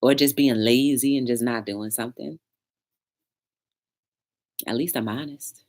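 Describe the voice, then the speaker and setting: A young woman with a low voice hosts a casual live talk show. Chatty and a bit preachy, she responds to viewers' comments as she goes.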